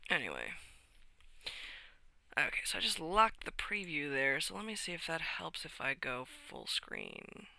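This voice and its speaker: Bright-toned soft-spoken livestreamer. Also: mid-range voice, wildly swooping pitch, measured pace, creaky. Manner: chatty, often soft and half-whispered. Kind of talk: casual live-stream chat.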